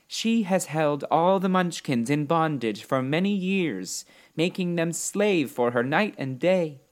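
A man voicing a small, kind old woman who is a good witch, speaking calmly and reassuringly in a storybook reading. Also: on the high side, measured pace, pitched above the performer's own voice. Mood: kindly. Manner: calm, gently reassuring.

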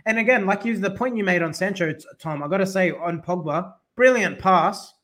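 Guy hosting a footy fan podcast, kinda high voice, joking around and calling out listeners by name. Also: brisk. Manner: animated, jokey, addresses listeners by name. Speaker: podcast host. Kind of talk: casual football fan podcast chat.

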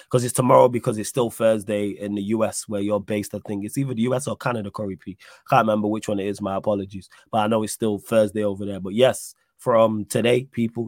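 A man's voice: lowish voice, a little mellow, no room sound, clean studio sound. A man hosting a casual live stream, chatting and reading out viewer messages, with a slight cough. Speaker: stream host.

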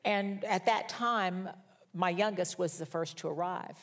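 Older female pastor, lower register, homespun storyteller with a wry streak. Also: a little slow. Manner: conversational, folksy storytelling with wry humor. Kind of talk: sermon.

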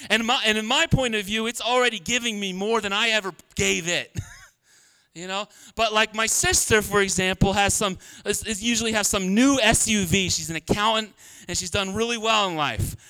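A pastor preaching a sermon in a humorous, conversational way, laughing often. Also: male voice, sits high, bright, forceful tone, clean tone. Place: church.

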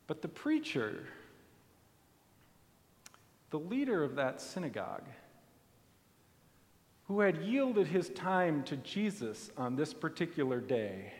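A man preaching a sermon in a church, telling the story softly and deliberately. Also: on the high side, sing-song. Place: church sanctuary. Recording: long hall reverb.

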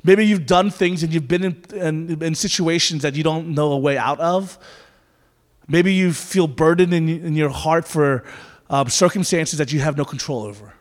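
A man's voice: a little high, moderate pace. A man preaching a sermon as pastor, conversational with playful asides that turn to earnest prayer, in a church sanctuary. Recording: reverberant church hall.

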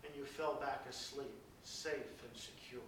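A pastor preaching a sermon, reading scripture dramatically and dropping into soft, hushed passages. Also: male voice, mid-range voice, fairly even intonation, unhurried, noisy background. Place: large church. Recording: very echoey church from a distance.

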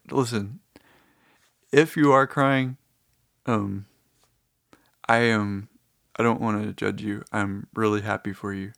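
A man hosting his own podcast, talking off the top of his head with many fillers and restarts, now and then jumping into high, silly voices. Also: unhurried, dry recording, studio quality. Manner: rambling, lots of fillers and restarts; slips into high mock-emotional voices for imagined listeners. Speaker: podcast host. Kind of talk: rambling solo podcast.

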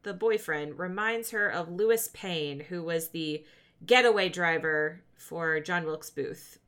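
A woman's voice: lowish voice, unhurried, fairly bright tone, clean tone. A woman co-hosting a casual podcast, recapping a TV episode in a chatty way and laughing often. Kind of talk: casual chat.

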